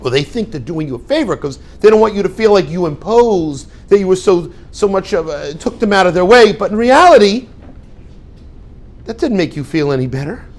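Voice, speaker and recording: Animated rabbi with a lively high voice. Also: male voice, a little fast. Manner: animated, acts out little dialogues in quoted voices; rhetorical questions to the class. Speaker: rabbi teaching students. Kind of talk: lively classroom talk.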